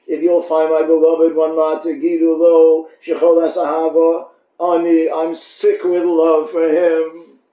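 A man's voice: fairly high pitch, completely flat delivery, a little slow, mellow, lightly acted. A man voicing a lovesick young woman who turns from dismissive to longing, in an echoey room with dull sound. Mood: pleading. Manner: dismissive then breathless and pleading.

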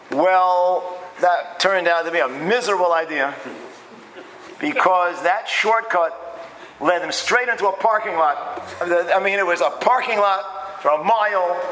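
A man's voice: sits high, pushed and bright, slight background noise, poor audio. A man giving a lecture-style Torah class, emphatic and repeating phrases as he builds his point. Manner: acts out quoted speech in changed voices. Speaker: Torah teacher.

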